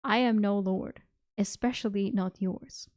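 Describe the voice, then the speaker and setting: A woman reading aloud, voicing a gruff, blunt middle-aged male warlord of common birth with curt, growling lines. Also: medium pitch, fairly even intonation, unhurried, a little mellow, no room sound, studio quality, close to an everyday voice.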